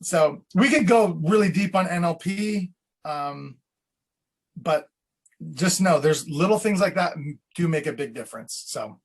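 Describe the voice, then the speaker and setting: A man's voice: fairly high pitch, animated, unhurried, husky. A man coaching real estate agents on sales scripts in a casual teaching chat, acting out client lines as he goes.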